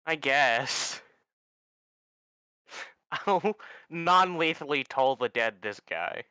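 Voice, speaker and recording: A young man playing a tabletop game over voice chat, joking and animated. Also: medium pitch, very slow, clear, resonant tone, dry recording. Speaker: player.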